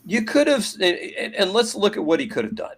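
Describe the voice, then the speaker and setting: A man co-hosting a sports podcast, ranting in a profane, sarcastic way with loud jumps in pitch. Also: big pitch swings, moderate pace, a loud crowd. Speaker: podcast co-host. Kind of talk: heated sports talk.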